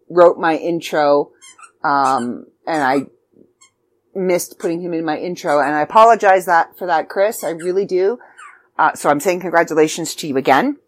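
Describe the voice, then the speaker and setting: On this podcast about her magazine, the host, who also contributes to it, speaks in a low voice captured in a dry recording. She keeps things chatty and a little all over the place, dropping ums and tangents often.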